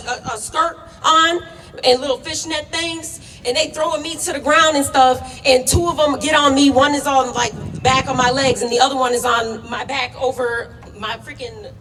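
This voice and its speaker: A woman's voice: high voice, pushed and bright. A young woman giving an impassioned, emotional speech at a protest, speaking bluntly and getting worked up. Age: young adult. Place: outdoor protest. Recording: distant, echoey, faint noise.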